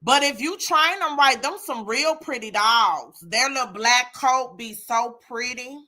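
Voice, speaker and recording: Slow, bright-voiced chatty woman host. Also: fairly high pitch, animated. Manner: exclamatory, chatty, addresses listeners by name. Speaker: host of a live chat room. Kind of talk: casual chat.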